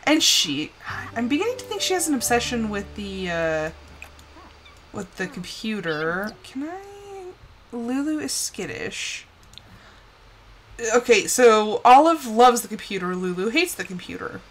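A young woman giving casual live commentary on a life-sim game, chatty and scolding her characters with bursts of excitement. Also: a little high, measured pace, a little hiss or hum, low-quality recording.

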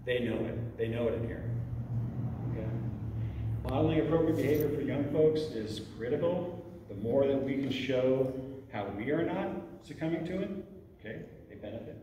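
A man's voice: medium pitch, expressive, normal speed, noisy background. A man leading a parent talk at a church, speaking conversationally and often checking in with "okay?". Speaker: youth ministry director giving a parent talk. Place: church hall. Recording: echoey hall recorded from far off.

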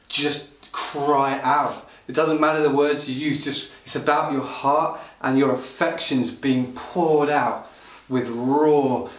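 A man preaching a livestreamed church sermon with impassioned delivery, at times rising into loud pleading cries. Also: mid-range voice. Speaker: pastor. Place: church hall. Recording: roomy hall sound from a distant mic.

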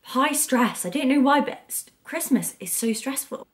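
A woman, chatting casually to camera in a vlog and gushing when she gets excited. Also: high-pitched, moderate pace. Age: 20s. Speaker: vlogger.

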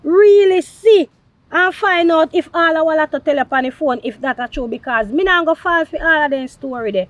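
Brief: a woman acting as a high-voiced Jamaican partner, soothing and coaxing. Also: normal speed, no room sound, dull audio, natural voice. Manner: soothing, coaxing, repeats "calm down". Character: caring partner of a farmer, adult woman. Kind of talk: low-budget film acting.

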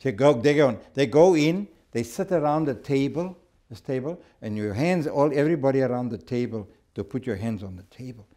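Halting, mellow-voiced male Bible teacher. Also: mid-range voice, animated. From South Africa. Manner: conversational, halting, repeats words. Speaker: Sabbath school teacher. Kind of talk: church Bible lesson with storytelling.

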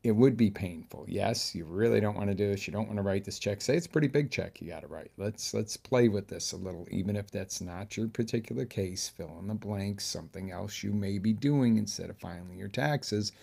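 A man giving a motivational coaching talk, animated, jumping between loud bursts and quiet asides and acting out examples. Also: fairly low pitch, fairly quick, creaky, hardly any pauses, breathy edge. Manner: talks through examples with acted-out inner voices. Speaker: fitness coach.

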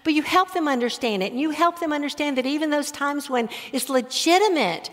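A middle-aged woman teaching a Bible study on parenting, talking in a conversational, animated way. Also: high voice, fairly quick. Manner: conversational, animated, with laughs and acted-out examples. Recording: echoey hall with long reverb.

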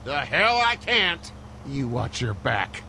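A gravelly, furious middle-aged father in a story game, his pitch swinging widely as he lashes out. He is blunt and hostile, with faint noise under the game audio. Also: big pitch swings, slow, bright, forceful tone, exaggerated voice. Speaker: video game character.

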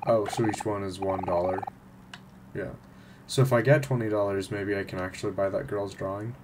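A man voicing an energetic, chatty teenage boy, over loud background noise. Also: on the low side, moderate pace, close to an everyday voice. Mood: upbeat. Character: energetic outgoing teen boy.

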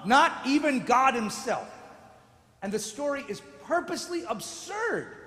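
A man with a high, very lively voice gives a rabbi's lecture, theatrical and playful, acting out voices and joking with the crowd. His voice rings through a large sanctuary with a long, roomy reverb. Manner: theatrical, acts out voices, jokes with audience. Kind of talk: lively sermon-style lecture. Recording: echoey hall with long reverb.

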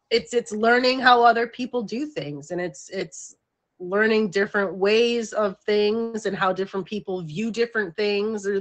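Bright-voiced, rambling middle-aged woman. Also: medium pitch. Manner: rambling, frank, laughs easily. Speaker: livestream show host. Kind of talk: casual chat.

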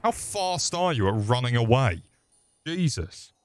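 A man's voice: on the low side, lively intonation, unhurried, no room sound. A young man casually commenting on a game he is streaming, profane, rambling and jokey. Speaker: gaming streamer.

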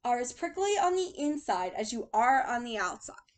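A woman's voice: on the high side, sing-song, moderate pace. A woman voicing a blunt male coyote in a storybook read-aloud, speaking in a raised voice. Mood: scolding. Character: blunt male coyote who scolds the cactus.

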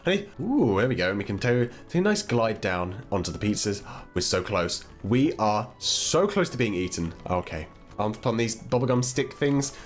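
A man's voice: medium pitch, lively intonation, brisk, soft background music. Playful English man narrating his gameplay. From England. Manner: playful, chatty babbling to viewers. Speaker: gaming channel host. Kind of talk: let's-play game commentary.

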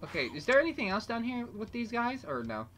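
A woman's voice: a little high, sing-song, quick pace, faint music behind. A woman playing a video game with a friend, chatting casually, swearing often and bursting out in frustration. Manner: swears a lot, loud outbursts of frustration. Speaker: gamer. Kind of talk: casual co-op gameplay chat.

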